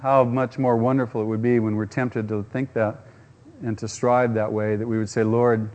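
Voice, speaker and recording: A man's voice: mid-range voice, flat delivery, moderate pace, a little mellow. A man preaching a sermon, using rhetorical questions and acting out quotes. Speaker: pastor.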